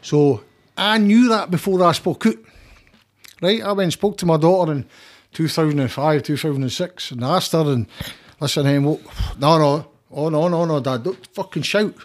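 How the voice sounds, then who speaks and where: A man's voice: on the high side, moderate pace. A middle-aged man with a Scottish accent, talking as a guest in a heated, emphatic, sweary way with many restarts. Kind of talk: casual interview chat.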